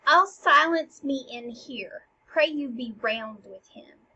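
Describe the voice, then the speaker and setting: A woman's voice: sits high, slow pace, sharp tone, husky, heavily acted. A woman reading as a bossy old adviser. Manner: bossy, commanding. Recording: slightly dull with faint hiss.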